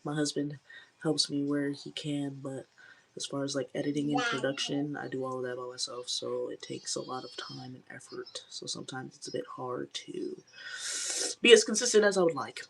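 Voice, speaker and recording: A woman's voice: extremely low pitch, fairly even intonation, normal speed, creaky, crowd noise. A young woman hosting a live stream, chatting candidly with viewers in a rambling way with lots of fillers. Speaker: livestream host. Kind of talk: casual live chat with viewers.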